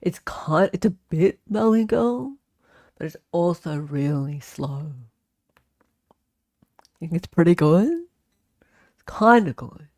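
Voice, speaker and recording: A woman's voice: lowish voice, lively intonation, slow, pauses often, dark tone. An Australian woman hosting a casual livestream, chatting with viewers, reading their comments, and ranting freely. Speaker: livestream host.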